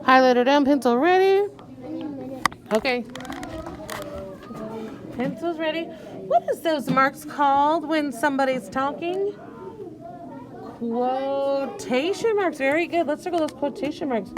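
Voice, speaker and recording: Woman teacher, high and unhurried, sing-song coaching of young readers, children heard behind. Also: crowd noise. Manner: patient, sing-song coaching, sounding out words slowly. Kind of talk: early reading lesson.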